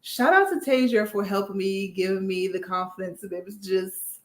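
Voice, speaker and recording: A woman's voice: mid-range voice, brisk, roomy sound. A woman hosting a casual motivational talk, upbeat and slangy, often checking in with her listeners. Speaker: host.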